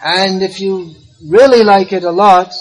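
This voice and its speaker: Heard on a rough recording, a man with a high, steady voice speaks unhurriedly on spiritual philosophy. As a devotional teacher, he invites the crowd in and patiently leads them through a call-and-response chant, repeating the words.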